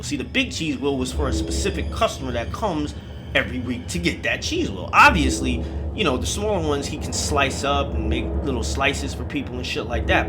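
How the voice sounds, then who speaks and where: A man telling a spooky story in a casual, comedic way, full of swearing and rambling asides. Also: medium pitch.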